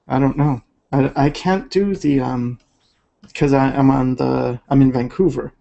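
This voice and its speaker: A man's voice: mid-range voice, steady tone, a little slow, gravelly, warm tone, muffled recording. A man chatting casually while drawing on a livestream, laid-back and rambling with many fillers. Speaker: digital artist streaming.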